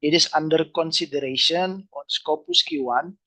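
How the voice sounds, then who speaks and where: A man lecturing, speaking haltingly and repeating phrases. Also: a little high, pushed and bright, poor audio. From Indonesia. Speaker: university lecturer. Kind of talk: webinar lecture.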